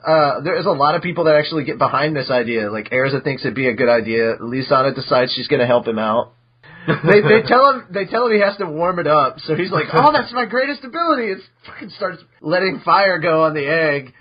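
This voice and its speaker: A man hosting a podcast, casually recapping episodes in an animated way, now and then jumping into high squeaky voices for characters. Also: brisk, husky. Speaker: podcast host. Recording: dull lo-fi podcast audio.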